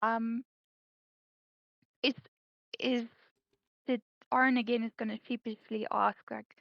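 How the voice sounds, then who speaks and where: A woman's voice: on the high side, flat delivery, takes it slowly, vocal fry, long pauses, dry recording, highs cut off. A woman narrating her character's actions in a tabletop role-play game, hesitant and full of fillers. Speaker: player.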